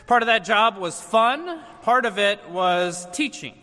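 A man's voice: sits high, expressive, measured pace, pushed and bright, long reverb tail. A man in his thirties, a pastor delivering a sermon in church, telling stories and acting out children's voices.

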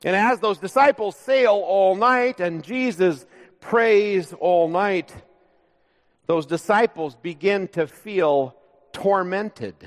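Man, pastor preaching, unhurried, conversational with light humor, long church reverb. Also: sits high. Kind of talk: sermon. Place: church sanctuary.

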